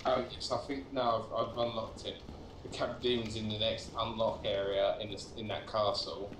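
A man's voice: fairly low pitch, little pitch movement, normal speed. A man on a call playing a game with a friend, laid-back, joking and swearing casually. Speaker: co-op gaming partner on a call. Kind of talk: casual co-op gaming chat. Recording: echoey room over a voice call, faint noise.

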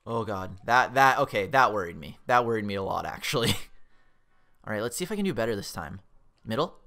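A young man talking through a retro platformer as he plays, his voice bright and edgy. His pitch leaps around a lot, from low muttering to sudden yelps. He swears freely and talks to the game like a rival. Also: moderate pace, pauses often. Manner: excitable, swears often, yelps when startled. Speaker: let's play host. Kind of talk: casual gameplay commentary.

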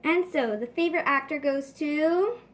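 A woman's voice: high voice, moderate pace. A woman hosting a homemade toy pet award show, announcing each category in a casual, hesitant way. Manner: casual, hesitant, clears throat.

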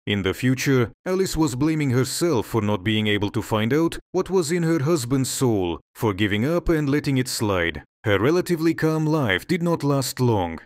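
A man reading a dramatic story as narrator at a quick pace. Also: mid-range voice, big pitch swings, no room sound, clean studio sound.

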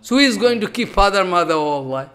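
A man giving a devotional sermon as a spiritual teacher, in halting, repetitive phrases with emphatic rises and sudden soft drops. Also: high voice, animated.

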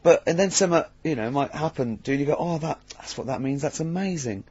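A man co-hosting a radio show, telling stories with animated enthusiasm and frequent laughter. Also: fairly high pitch, quick pace, slightly rough. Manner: animated storyteller, laughs a lot, explaining. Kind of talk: casual studio banter. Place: radio studio. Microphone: studio microphone. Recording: dry, muffled lo-fi sound.

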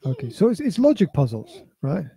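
Man, middle-aged, gravelly, husky, rambling casual chat, repeats himself. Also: sits high, wildly swooping pitch, a little fast, dark tone, dry recording. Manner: rambling, repeats words, hesitant fillers. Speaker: podcast co-host, father. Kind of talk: casual chat reviewing a VR game.

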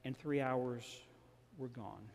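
Southern man, pastor in the pulpit, storytelling sermon with voiced dialogue, mid pitch, long church reverb. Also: steady tone, slow pace. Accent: Southern American. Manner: storytelling, acts out dialogue with shifting tone. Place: large church sanctuary.

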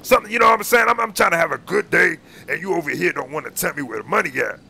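Raspy, gravelly man taunting in role-play. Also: a little high, very fast, pushed and bright. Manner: slangy, menacing and taunting. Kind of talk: casual game role-play.

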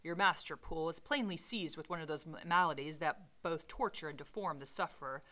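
A measured male lawyer who explains things deliberately, as a woman reads him aloud. The tone is bright and forceful, set fairly low. It is told as a storybook reading.

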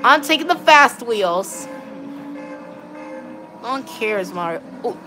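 A woman giving excitable, rambling live commentary on her gameplay while chatting with viewers. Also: a little high, slow pace, music in the background. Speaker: game streamer.

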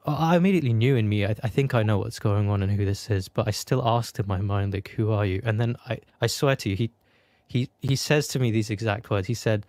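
Low-voiced man giving halting testimony. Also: a little mellow, no echo. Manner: halting, searching storytelling. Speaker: guest. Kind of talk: personal testimony.

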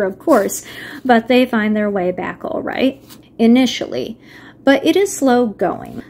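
A woman's voice: a little high, a little mellow. A woman casually retelling a book, reading passages aloud and adding wry asides. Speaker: video reviewer. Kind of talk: casual book-summary narration.

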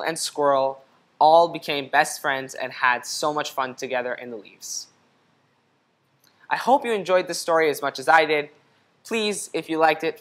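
A woman reading a children's picture book aloud, lively and stopping to put questions to the young listener. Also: deep voice. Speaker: children's story reader.

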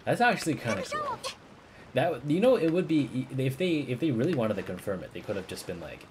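A male streamer giving casual, profane commentary on a game, laughing and thinking out loud. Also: fairly high pitch, wildly swooping pitch, fairly quick, slight background noise. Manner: casual, swears freely, laughs often.

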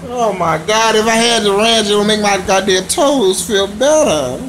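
A man's voice: high voice, moderate pace, a bit bright, slight background noise, low-quality recording. A young man doing an exaggerated, profane comic rant to camera from his bed. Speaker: comedy vlogger. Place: bedroom.

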